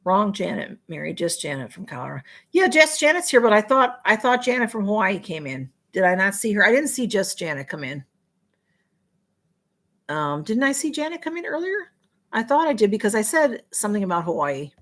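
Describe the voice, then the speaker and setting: A woman's voice: mid-range voice, big pitch swings, a little fast, fairly bright tone. A woman hosting a casual livestream, chatting to viewers and reading their comments, often apologizing for missing what they wrote. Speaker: livestream host.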